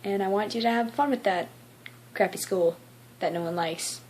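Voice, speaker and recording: A teenage girl vlogging a casual rant, middle-pitched and chatty. She keeps tossing in fillers and slipping into quick impressions of others. A faint background noise sits under the recording. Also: darkish tone. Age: teens. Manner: chatty, frequent "like" fillers, acts out quotes.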